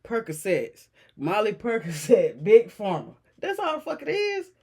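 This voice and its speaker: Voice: medium pitch, wildly swooping pitch, unhurried, warm tone, breathy edge. A reaction video host talking casually and cursing a lot, getting irritated and mimicking the people in the clip. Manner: profane, exasperated, repeats clip lines aloud; mocking impressions of people in the clip.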